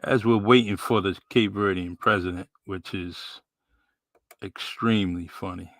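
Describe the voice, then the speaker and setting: A man with a New England accent hosting a podcast in a relaxed, rambling way with many fillers. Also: sits low, unhurried, no room sound. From New Bedford, Massachusetts. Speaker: podcast host. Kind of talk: casual live-stream chat.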